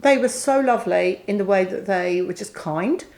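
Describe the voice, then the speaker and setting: A woman's voice: mid-range voice, moderate pace, darkish tone. A middle-aged woman, co-hosting a casual chat and telling a personal story candidly, acting out the voices of people she quotes. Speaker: co-host.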